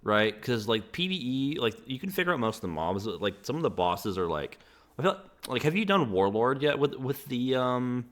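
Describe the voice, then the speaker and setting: A man interviewing a player in a casual gaming chat, telling stories excitedly and filling his talk with "like". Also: mid-range voice. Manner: excitable, fast storytelling with many fillers.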